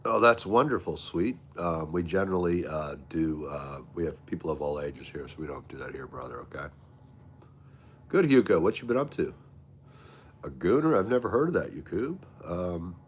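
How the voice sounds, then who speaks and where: A man's voice: low-pitched, slight background noise. A man hosting a casual livestream, greeting viewers by name and chatting with them in a friendly way. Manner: friendly, reads chat aloud and greets viewers. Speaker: livestream host. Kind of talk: casual live chat with viewers.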